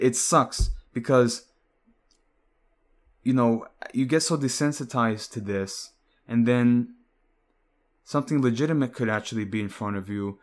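A young man talking casually to the camera in a rambling, hesitant way, full of fillers and restarts. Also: medium pitch. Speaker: vlogger.

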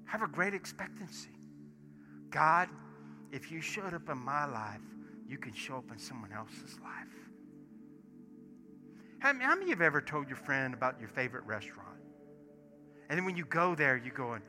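A man, a pastor preaching in church and acting out stories, swinging from hushed asides to loud bursts. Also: mid-range voice, normal speed, pauses often. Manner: animated storyteller, acts out dialogue, swings from hushed to shouting. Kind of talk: sermon with storytelling. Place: church sanctuary. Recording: music playing behind sermon. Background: soft worship music.

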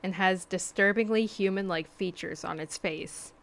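A woman hosts a casual podcast and tells a ghost story. Her voice is smooth and clear at a mid pitch. She talks in a loose, chatty way and sometimes drops into a hushed spooky tone. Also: normal speed. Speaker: podcast host.

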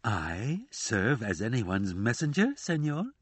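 A proud, touchy older woman servant from a storybook, speaking low and plaintive, as a male narrator puts her on. The tone is husky and close-miked. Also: sing-song, slow, dry recording, full character voice. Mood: indignant. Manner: low, grieving and indignant.

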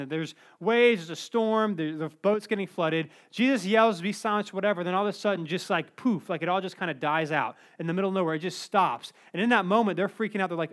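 A male pastor preaching a sermon in a conversational, animated way, with asides. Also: high-pitched.

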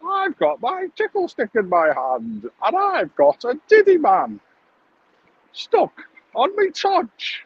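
A man voicing the cheeky, high-pitched ghost of an old male comedian, full of sing-song showman patter, recorded while walking outdoors. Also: huge pitch swings, takes it slowly, vocal fry, heavily acted. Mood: gleeful, cheeky. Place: outdoors, walking along a street. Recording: dull lo-fi sound with faint outdoor noise.

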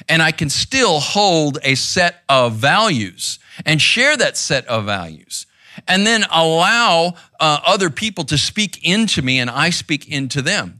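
Man, pastor, sermon, bright tone, dry close recording, intense conversational delivery. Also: on the high side, no echo. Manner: conversational, intense, frequent "right?" asides. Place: church room, seated on a stool.

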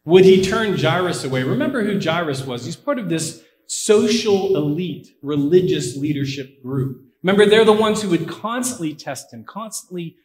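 A man's voice: sits high, expressive, normal speed, hardly any pauses, a little mellow. A man preaching a conversational sermon, retelling a story with asides and acting out the quoted lines. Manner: frequent asides and fillers like "I mean" and "you know". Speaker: pastor. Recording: echoey room.

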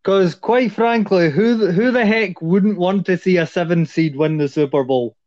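A man's voice: sits high, moderate pace, a little mellow, no room sound. A man speaking as a guest on a casual sports podcast, giving his opinions in a conversational way. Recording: dull, dry lo-fi audio.

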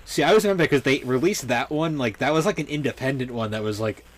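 Relaxed, rambling young man podcaster. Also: mid-range voice, fast talker. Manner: relaxed, rambling, with fillers and restarts. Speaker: podcast co-host. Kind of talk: casual chat.

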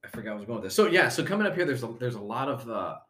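A man's voice: mid-range voice, big pitch swings, rapid-fire, a bit bright. Man, casual rambling talk, lots of fillers, echoey room. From Texas. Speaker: podcast guest. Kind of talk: casual chat.

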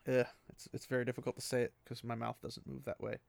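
A man with a gravelly voice recaps a fantasy book chapter in a loose, rambling way. He fills pauses with ums and small laughs. The sound is dry and close to the mic. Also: medium pitch, flat delivery, dry recording.

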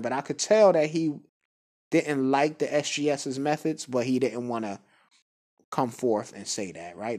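A man casually telling a personal story in a laid-back, conversational way. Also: mid-range voice. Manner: laid-back, conversational, with frequent fillers and asides. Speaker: guest speaker.

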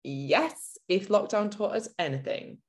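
A woman co-hosting a fitness podcast, relaxed as she reads and answers listener questions. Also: medium pitch, unhurried. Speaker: podcast co-host and fitness coach. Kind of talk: casual chat.

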